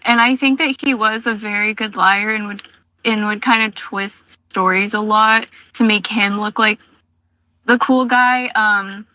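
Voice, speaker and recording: A woman's voice: medium pitch, steady tone, a little slow, pushed and bright, poor audio. A woman answering interview questions casually, hesitant, with many fillers. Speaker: interview guest.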